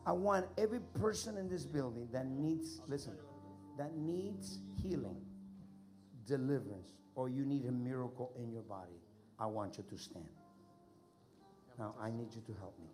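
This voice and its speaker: A man's voice: medium pitch, animated, moderate pace. A man preaching at a healing service, urgent and commanding, often repeating himself. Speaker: pastor leading a healing service. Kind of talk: preaching to a congregation. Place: large church hall. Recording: live with music and crowd behind.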